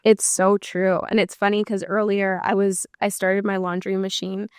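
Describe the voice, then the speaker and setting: A woman's voice: mid-range voice, flat delivery, moderate pace, clear, resonant tone, dry recording, studio quality. A woman in her thirties, a guest on a casual podcast, talking candidly and saying "like" and "literally" often. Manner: chatty and candid, leans on "like" and "literally". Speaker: guest, business owner. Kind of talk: casual conversational interview.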